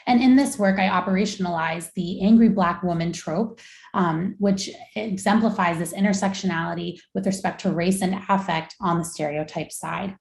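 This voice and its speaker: Young adult woman researcher, low gravelly voice, measured academic lecture delivery, echoey room. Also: a little mellow. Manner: measured, explanatory. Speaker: researcher giving a talk.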